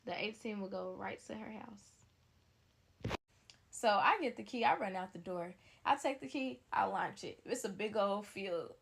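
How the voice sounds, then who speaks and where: A young woman telling a story in a casual, blunt, animated way, talking straight to her viewers. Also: medium pitch, measured pace, creaky, a little hiss or hum.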